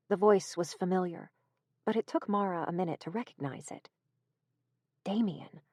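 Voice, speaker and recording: A woman reading a horror audiobook in a measured, even storytelling manner, close to the mic. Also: on the low side, no room sound. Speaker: audiobook narrator. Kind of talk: scripted narration.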